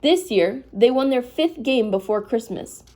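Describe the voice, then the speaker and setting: Woman reader, sleepy, informal read-aloud, mellow voice pitched a touch high. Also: expressive, a little slow. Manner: informal, breaks off to apologize and comment. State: sleepy, yawning. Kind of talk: casual read-aloud of a novel.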